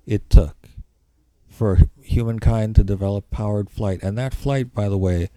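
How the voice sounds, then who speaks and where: A man with a very dark, mellow voice talks through an informal lecture, circling back and repeating points to drive them home. His voice sits a little low, and the sound is close and dry with no room echo. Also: unhurried. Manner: rambling, repeats key points for emphasis.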